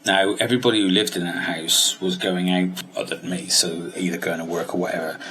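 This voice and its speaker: A man's voice: deep voice, level tone, a little fast, crowd noise. A British man telling a personal story on his vlog, blunt and rambling, with frequent swearing. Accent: British English. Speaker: diet vlogger and coach. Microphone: handheld vlogging camera.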